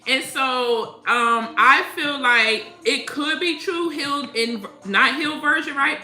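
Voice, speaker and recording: A woman's voice: sits high, unhurried, hardly any pauses. A woman hosting a spiritual livestream, chatting casually and telling stories with lots of laughter. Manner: animated, laughing storyteller. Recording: echoey room with faint music.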